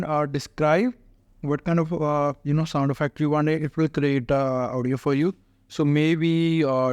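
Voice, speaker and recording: A man hosting a casual software walkthrough, chatty and explaining step by step with many "uh" fillers. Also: on the high side, dry recording, studio quality. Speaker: tech tutorial host.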